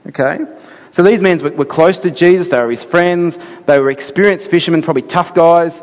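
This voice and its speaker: A man's voice: a little high, brisk. A man preaching a sermon as pastor, earnest and talking through rhetorical questions to his listeners. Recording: dull sound with long hall reverb.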